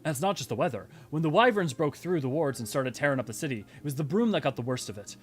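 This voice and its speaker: A man voicing a gruff, plain-spoken tavern keeper. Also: expressive, natural voice. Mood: wry. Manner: plain-spoken, folksy, low and measured. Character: gruff male tavern keeper, middle-aged, blunt. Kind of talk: fan reading of game dialogue.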